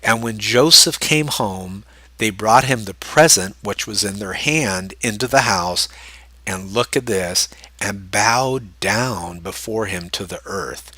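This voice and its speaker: A man reading scripture aloud and breaking in with casual, animated asides to explain it. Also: on the low side, takes it slowly, no room sound. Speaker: Bible study teacher.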